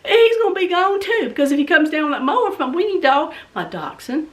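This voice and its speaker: A woman's voice: high-pitched, sing-song, a little fast, fairly bright tone, far from the mic. A woman vlogger telling a story dramatically and acting out the scenes for her viewers. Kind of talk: animated storytelling vlog.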